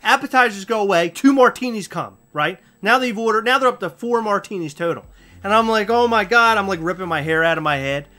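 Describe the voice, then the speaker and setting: High-voiced, bright man telling a story. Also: fairly quick. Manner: animated, loud outbursts while retelling a story. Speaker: podcast host. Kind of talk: casual storytelling chat.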